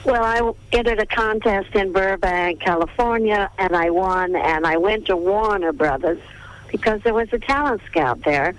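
An older woman who grew up in Texas, a veteran film star reminiscing in a radio interview over the phone, listing names at an unhurried pace. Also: medium pitch. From Texas, USA. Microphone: telephone. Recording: tinny phone line, radio broadcast.

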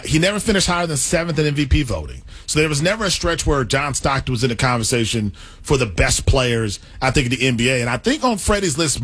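A man's voice: mid-range voice, fairly bright tone, husky. A man co-hosting a sports radio show, arguing his opinions in casual, opinionated talk. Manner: opinionated, argumentative.

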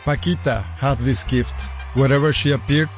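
A man's voice: mid-range voice, steady tone, moderate pace, soft background music. A man reading an English voice-over translation of an interview, conversational and reflective.

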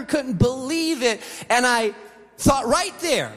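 A man's voice: very high-pitched, animated, slow pace, a bit bright. A middle-aged man preaching a sermon to an auditorium, telling a story and acting out the voices of the people in it. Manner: storytelling, acts out quoted voices. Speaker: pastor. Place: large auditorium. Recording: long hall reverb.

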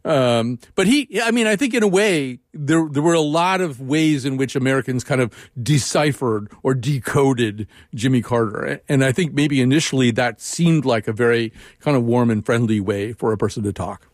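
A man's voice: medium pitch, moderate pace, few pauses, dry recording. Chatty older male radio host, dry studio sound. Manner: conversational, with frequent fillers and restarts. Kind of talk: radio interview.

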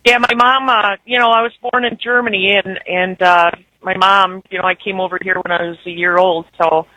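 Talk-radio caller: Wisconsin woman, Upper Midwest accent, bright forceful tone, dry sound, rambling and chatty. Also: mid-range voice, fairly even intonation, brisk, no room sound, low-quality recording. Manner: chatty, rambling, with frequent fillers. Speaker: caller, truck driver. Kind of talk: casual phone-in chat.

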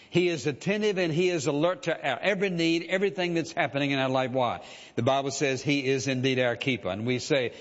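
Man preaching in a reverberant sanctuary. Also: a little high. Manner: preaching with frequent fillers and direct address to listeners. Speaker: pastor. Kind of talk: sermon. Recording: dull lo-fi sound with long hall reverb.

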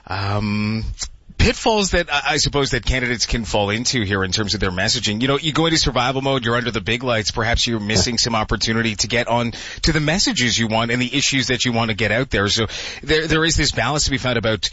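A man's voice: mid-range voice, lively intonation, bright, forceful tone, slightly rough, no echo, highs cut off. A man hosting a radio interview, asking questions with frequent restarts. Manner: quick, hesitant questions with restarts. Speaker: radio host.

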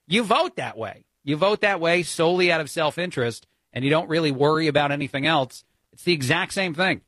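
A man's voice: on the high side, lively intonation, a little fast, a bit bright, no echo. A man from New Jersey with a New York accent, filling in as a talk radio host with a chatty political monologue. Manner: conversational, frequent uh fillers.

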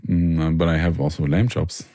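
A man's voice: a bass voice, little pitch movement, normal speed, dark tone, no echo, clean studio sound. A man, a barbecue restaurant owner answering interview questions earnestly and enthusiastically, often restarting his phrases.

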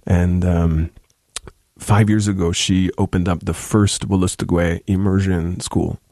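A young adult man with a deep, gravelly voice, speaking as an interview guest in a thoughtful, halting way with many restarts. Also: level tone, dark tone, no room sound, studio quality. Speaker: musician guest. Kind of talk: casual interview talk.

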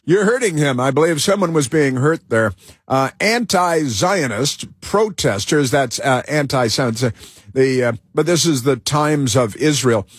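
A man's voice: mid-range voice, expressive, a little slow, breathy edge. A man hosting a political talk radio show, delivering an emphatic, rambling monologue full of fillers and restarts.

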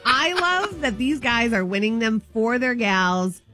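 A woman's voice: fairly high pitch, a little slow, bright, forceful tone, faint music behind. Chatty woman radio co-host. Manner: chatty, with many fillers. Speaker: radio morning show co-host. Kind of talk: casual radio banter.

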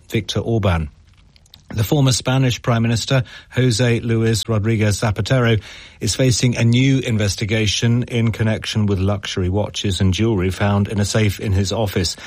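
A man reading a news bulletin in a formal, even delivery. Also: on the low side, no room sound. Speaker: newsreader. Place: studio.

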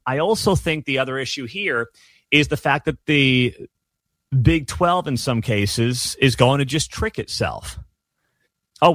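A man's voice: a little high, fairly bright tone, no echo. A man in his thirties hosting a sports talk show, giving emphatic, sarcastic opinion commentary. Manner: emphatic, ranting, sarcastic asides.

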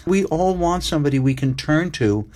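An older man speaking as an interview guest, earnest and reflective, building lists and slowing down for emphasis. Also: fairly high pitch, expressive, darkish tone.

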